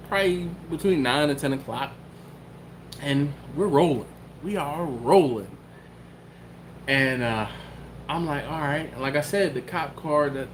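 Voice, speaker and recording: A man's voice: on the high side, a little hiss or hum. A man from the Philadelphia area hosting a live stream, telling a story in casual talk and acting out the quotes. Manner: animated, acts out quotes and cat sounds. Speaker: YouTube host.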